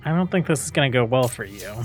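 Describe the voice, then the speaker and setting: A man hosting a casual let's-play, musing aloud as he plays, with a relaxed tone. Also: mid-range voice, fast talker, soft background music. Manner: relaxed, musing, with many fillers. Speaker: gameplay host.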